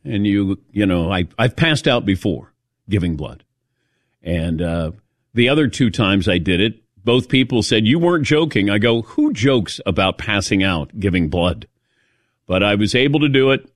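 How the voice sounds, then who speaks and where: A man hosting a sports talk show in casual chat, telling a self-mocking story in a lively way and acting out the quotes, into a studio mic. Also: fairly low pitch, moderate pace, no room sound.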